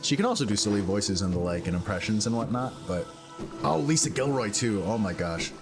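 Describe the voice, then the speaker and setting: Streaming a game with its music playing, a man chats a little fast in a lowish, lively voice. He rambles casually through his gameplay commentary, thinking aloud and filling it with fillers.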